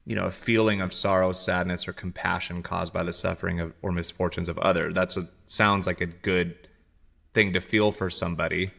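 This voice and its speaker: A man's voice: low-pitched, steady tone, brisk, vocal fry, fairly bright tone. A man co-hosting a podcast, talking in a laid-back casual way and laughing often. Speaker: podcast co-host. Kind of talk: casual chat.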